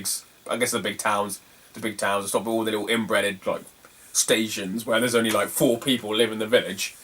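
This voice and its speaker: A man's voice: medium pitch, fairly bright tone, recorded from a distance. A man, telling a rambling, self-mocking travel story in a casual video. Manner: rambling, self-mocking, laughs at his own stories. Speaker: retro game collector vlogger.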